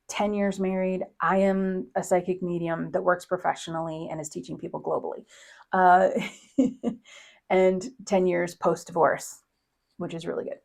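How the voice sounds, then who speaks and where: Middle-aged woman host, even mid pitch, casual storytelling with frequent laughs and animated quotes. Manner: chatty, laughs often, quotes others in voices. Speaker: podcast host, psychic medium.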